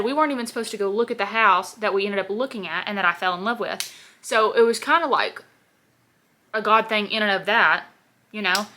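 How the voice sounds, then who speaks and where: A woman's voice: fairly high pitch, pushed and bright. A woman in her twenties, a beauty vlogger rambling through a casual get-ready-with-me chat, full of "like" fillers. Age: 20s. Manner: chatty, rambling, filler-heavy with constant "like".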